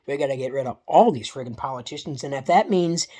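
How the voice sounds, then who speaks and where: Woman, low voice, profane, repetitive vlog ranter. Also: quick pace, dark tone. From Canada. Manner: heated, profane, repetitive, with many restarts. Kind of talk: casual political rant vlog.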